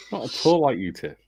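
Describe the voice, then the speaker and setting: A man's voice: medium pitch, gravelly, a little mellow, breathy edge, dry recording. A man co-hosting a live stream, trading teasing, playful banter with the others. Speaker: stream co-host.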